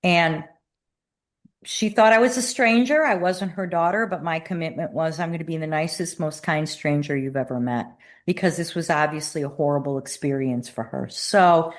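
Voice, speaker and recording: A woman guest and author speaking in a measured, thoughtful way in an interview. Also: deep voice. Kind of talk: reflective interview talk.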